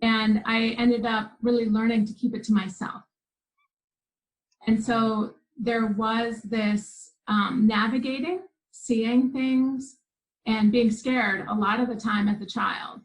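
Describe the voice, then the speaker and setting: A woman's voice: fairly high pitch, steady tone, slow pace, low-quality recording. A woman guest telling a personal story in an interview, earnest and vivid, with frequent restarts. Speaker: guest, spiritual teacher.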